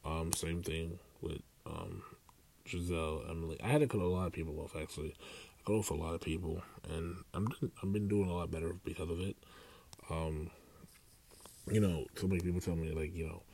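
A man's voice: low voice, a little fast, creaky, dark tone, slight background noise. A young man rambling through a casual solo podcast, with many fillers and restarts. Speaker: podcast host.

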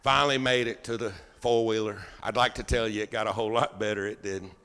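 A man pastor preaching a sermon as a folksy, animated storyteller. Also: on the low side, quick pace, long reverb tail. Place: church sanctuary.

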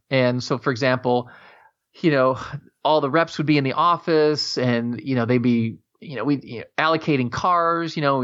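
A man's voice: medium pitch, fairly bright tone. A man telling long casual stories in a rambling way, with many restarts and casual swearing. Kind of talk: casual storytelling chat. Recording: dull lo-fi audio.

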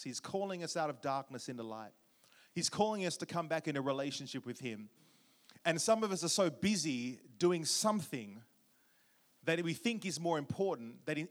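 A man preaching a sermon, warm storytelling with jokes and questions to the congregation. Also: on the high side. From Australia. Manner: humorous, audience-engaging storytelling. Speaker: guest preacher.

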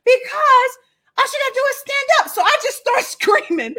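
Brief: woman vlogger, high voice, animated casual storyteller who laughs through it. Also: normal speed, raised voice. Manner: animated, laughing, acts out dialogue. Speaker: vlogger telling a family story.

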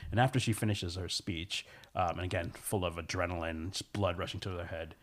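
A man telling a scary story in a casual chat, animated and full of "like" and "um". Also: low voice, brisk. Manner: animated, lots of "like" and "um".

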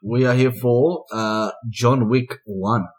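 A man's voice: mid-range voice, fairly even intonation, takes it slowly, darkish tone, rough recording. A man co-hosting a podcast in laid-back casual banter, chuckling often. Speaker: podcast co-host.

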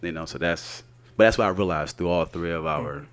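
A man's voice: deep voice, a little fast. Laid-back man in casual podcast chat. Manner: laid-back, often trailing off with "you know what I mean". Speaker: podcast co-host.

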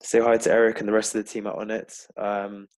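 Casual male podcast host with a deep voice and easygoing, filler-heavy delivery. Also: fast talker. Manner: relaxed, rambling with fillers. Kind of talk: casual interview chat. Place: London-based.

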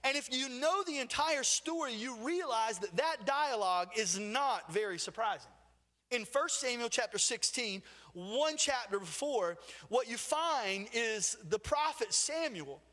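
Male pastor, high tenor, vivid storyteller, church hall reverb. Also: unhurried. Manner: storytelling, animated retelling with acted quotes. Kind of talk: sermon.

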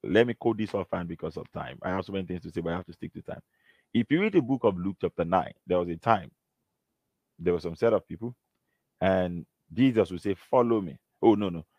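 A man delivers an earnest, emphatic sermon, quoting scripture. His voice sits very low. The recording is dry and slightly dull. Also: a little fast, darkish tone, no echo. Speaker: preacher.

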